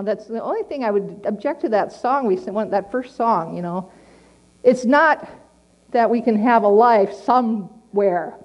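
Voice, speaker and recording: A middle-aged woman preaching a sermon in a plainspoken, earnest way, repeating key lines slowly for emphasis. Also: fairly high pitch, muffled recording.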